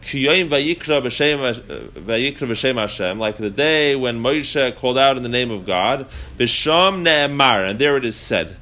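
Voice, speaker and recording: A man's voice: mid-range voice, lively intonation, unhurried, hardly any pauses, pushed and bright. A man teaching a religious text class to a live group. He thinks aloud, with frequent restarts and fillers, and chants the Hebrew prayer lines in a rhythmic lilt. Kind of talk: live explanatory lesson to a group.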